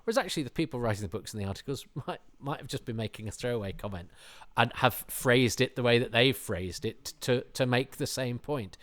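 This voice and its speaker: A man hosting a podcast, giving rambling, self-deprecating commentary with animated asides. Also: mid-range voice, fairly quick. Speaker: podcast host. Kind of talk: casual commentary.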